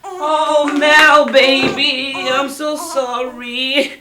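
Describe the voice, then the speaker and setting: A woman's voice: high-pitched, level tone, drawn-out words, reverberant, crowd noise. An actress playing a mother who keeps soothing and apologizing to her children. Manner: soothing, fussing over crying children. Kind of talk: Ghanaian film acting.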